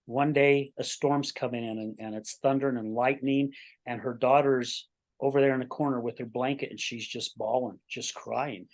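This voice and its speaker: A man's voice: mid-range voice, fairly even intonation, normal speed. A man in his sixties hosting a podcast interview, telling stories earnestly in casual chat, with frequent restarts and checking in with "right?". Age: 60s. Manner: earnest storytelling with many repeated starts and "right?". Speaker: podcast host.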